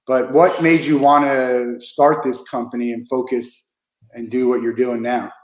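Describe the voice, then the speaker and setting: A man's voice: medium pitch, flat delivery, a little slow. A man hosting an interview, talking casually with lots of fillers and restarts. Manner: conversational, many fillers and restarts. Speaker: podcast host. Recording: echoey room.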